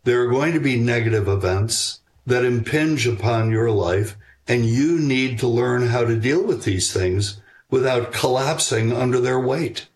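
Speaking at a medium pitch, this guest author on parenting is an older man fielding interview questions about child-rearing. He's thoughtful and measured, often stopping on filler words before beginning sentences again.

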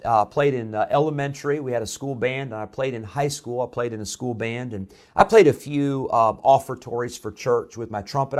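An Illinois pastor delivers a sermon, recounting a personal story conversationally in a mid-range voice. He often says "uh" and restarts his sentences.

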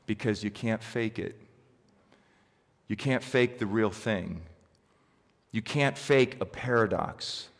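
A middle-aged male pastor delivers a sermon as an animated storyteller, his voice swinging up and down as he builds a point. His pitch sits in an ordinary middle range for a man. Long reverb from a large hall trails behind his words.

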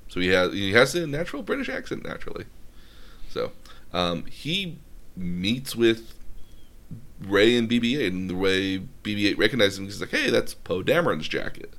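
Deep-voiced man rambling casually. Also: big pitch swings, normal speed, a bit bright. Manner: rambling with many fillers. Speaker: host retelling a film plot. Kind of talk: casual chat.

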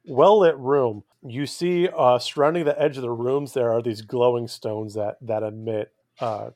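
Male game master, mid-pitched, dry close mic, descriptive and halting. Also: fairly even intonation, darkish tone, no echo. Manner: descriptive, with frequent restarts and fillers. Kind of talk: narrating a tabletop game.

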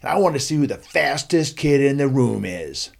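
Animated man telling a story. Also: medium pitch, normal speed, creaky. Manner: acts out voices, lively and playful. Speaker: guest, school assembly speaker.

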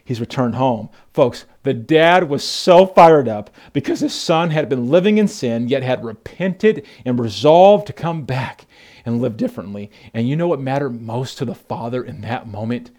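A man preaching a sermon as pastor, animated storytelling with frequent restarts. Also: mid-range voice, moderate pace.

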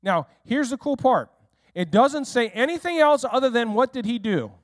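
A male pastor preaches a sermon in a high voice that swings widely in pitch, speaking animatedly at a moderate pace. He addresses the people in the room directly, often checking in with the congregation and posing questions. The audio is dry and close, with little room echo.

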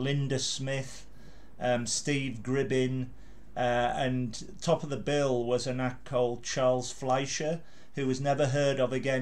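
A man's voice: medium pitch, a little mellow, slight background noise. A middle-aged man hosting a podcast interview, telling anecdotes and laughing easily. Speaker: podcast host. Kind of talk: casual interview chat.

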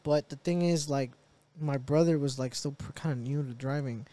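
A young man on a podcast telling stories in a loose, animated way and swearing freely. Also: medium pitch, moderate pace. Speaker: podcast co-host. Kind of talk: casual chat.

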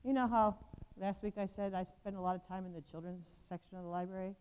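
A woman's voice: medium pitch, fairly even intonation, quick pace, darkish tone, smooth. A woman pastor giving a homely, conversational sermon with the odd filler, then leading a prayer. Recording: long church reverb, dull lo-fi sound.

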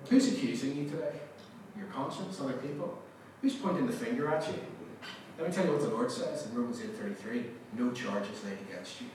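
A male pastor giving a sermon, telling stories with lively acted-out quotes and laughter. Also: mid-range voice, brisk, slight background noise. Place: large church hall. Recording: echoey church hall from a distance.

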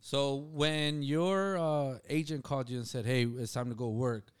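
A man's voice: medium pitch, a little slow, smooth, no echo. Hyped, slangy male podcast host. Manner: hyped, slangy, cheering his guest on. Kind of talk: casual interview chat.

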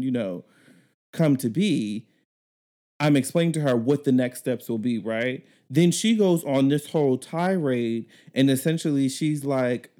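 A man hosting a casual chat, telling a work story in an animated way, laughing often and acting out the people he quotes. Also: mid-range voice. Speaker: podcast host.

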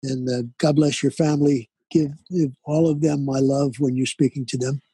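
An older man speaking in a halting way, restarting his words and choosing gracious, formal phrases. His voice is very husky and mellow, and the sound is dry and close. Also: mid-range voice, steady tone, dry recording. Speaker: guest musician. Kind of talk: casual chat.

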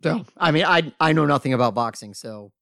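A man co-hosting a casual trivia chat, relaxed and self-mocking, reading questions out slowly while drinking beer. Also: fairly high pitch, vocal fry, no room sound, studio quality. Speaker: podcast co-host playing trivia.

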